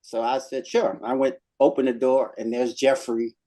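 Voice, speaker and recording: A man, a guest singer in a casual interview, telling animated stories and laughing often. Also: mid-range voice, moderate pace.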